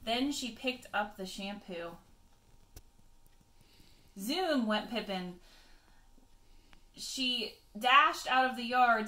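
A woman teacher reading a picture book aloud to children, expressive, with chatty asides to her pupils. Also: mid-range voice, echoey room.

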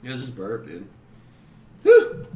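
A man co-hosting a casual livestream podcast, stoned, excitable and swearing. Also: mid-range voice, a little fast, far from the mic. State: high. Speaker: podcast co-host. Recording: echoey room, off-mic, faint noise.

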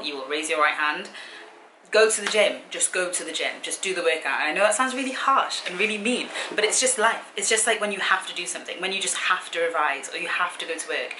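A young woman chatting casually to camera in a Q and A, easily sidetracked and quick to laugh. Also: fairly low pitch, reverberant, noisy background. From Britain. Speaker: fitness vlogger. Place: hotel room.

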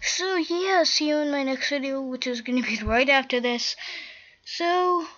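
Speaking at a measured pace in a high voice, a woman offers casual game commentary for her channel. Chatty by nature, she flusters easily and lets out panicked shouts, and the dull lo-fi recording carries faint noise.

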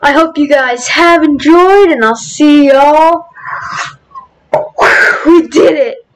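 Excitable woman for let's-play commentary, high voice, unhurried delivery, breaks into cheers. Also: rough recording. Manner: excitable, bursts into cheers and shouts. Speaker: gaming video host.

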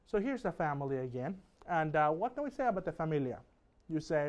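A middle-aged man teaching a recorded beginner language lesson, friendly and chatty, stretching out words slowly when he models them. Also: fairly high pitch, very animated, dull audio. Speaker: Spanish teacher. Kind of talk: recorded distance-learning lesson.

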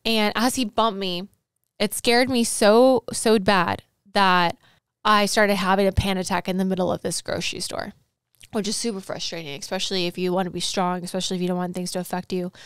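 A woman speaks earnestly and emotionally as she tells a personal story on her podcast, often looping back on her words with fillers. Her voice is exceptionally smooth and clear, at an ordinary pitch for a woman. The recording is dry and close, with no room sound at all. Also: level tone, quick pace, fairly bright tone, no echo. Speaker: podcast host and sales coach.

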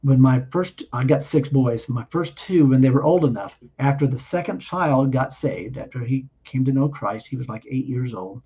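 A man giving his personal testimony in an earnest, halting way, often restarting his sentences. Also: mid-range voice, dark tone, husky, dull audio.

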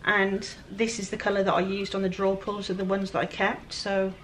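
Welsh woman, casual DIY vlogger, chatty and self-mocking, mid-range voice, clear noise behind her. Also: mid-range voice, little pitch movement, normal speed, fairly bright tone, poor audio. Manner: chatty, self-deprecating, talks to viewers while working. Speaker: furniture flipper. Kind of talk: casual DIY vlog narration. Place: outdoor work area with flies.

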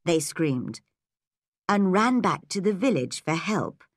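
Woman narrator for learner stories, low-ish, unhurried, clear diction. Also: big pitch swings, no echo, clean studio sound. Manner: slow, clear, measured reading. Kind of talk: graded-reader story narration for learners.

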